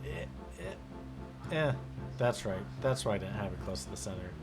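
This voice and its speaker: A man narrating a tabletop game as game master, halting with many fillers. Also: lowish voice, expressive, over music.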